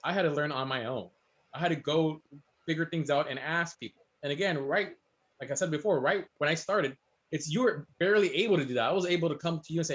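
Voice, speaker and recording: A man speaking quickly in a slightly high voice, chatting casually as a guest chef. He tells lively stories and acts out the voices of people he quotes. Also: lo-fi sound. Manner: fast, storytelling, animated quotes. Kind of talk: casual chat.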